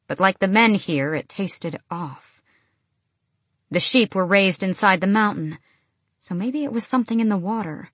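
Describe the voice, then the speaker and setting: A woman narrating a fantasy audiobook in an even, expressive reading, close to the mic. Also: mid-range voice, a little slow, husky, no echo.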